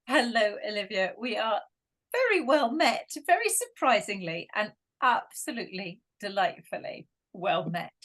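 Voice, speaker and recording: A woman's voice: medium pitch, big pitch swings, unhurried, fairly bright tone. A Scottish woman speaking as a coach in an interview, earnest and emphatic. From Scotland.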